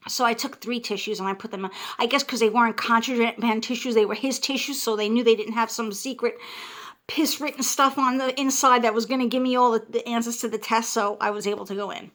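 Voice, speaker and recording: A fairly high-voiced woman in her fifties recounts an ordeal to her viewers. She talks in an animated, emotional way, breaking off and restarting her sentences as she goes. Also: a little fast. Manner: animated, emotional, frequent restarts and self-interruptions. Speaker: vlogger. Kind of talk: casual storytelling.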